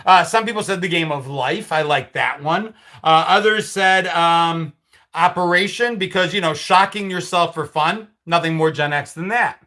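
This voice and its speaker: A man's voice: fairly high pitch, normal speed, bright, forceful tone. A middle-aged man hosting a live stream, chatting casually and answering viewer comments with sarcastic asides. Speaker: livestream host.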